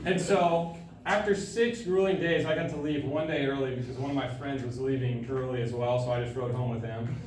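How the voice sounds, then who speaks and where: A young man giving a sermon to a student group, telling a personal story in a casual, animated way with frequent laughter. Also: mid-range voice, brisk. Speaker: student speaker. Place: large room at a student gathering. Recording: echoey room, from far off, faint noise.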